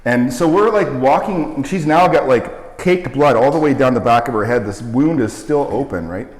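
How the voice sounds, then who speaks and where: A man's voice: mid-range voice, animated, moderate pace. A man, a guest casually telling a rambling, laughing story while eating hot wings. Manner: laughing, swearing, rambling anecdote. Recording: echoey room with long reverb.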